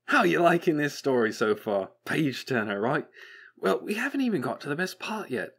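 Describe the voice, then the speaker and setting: A man voicing a manic, chattering male robot who rambles flippantly and bitterly, jumping high in pitch when excited. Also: moderate pace, lightly acted. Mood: bitter glee. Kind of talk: audiobook character voice.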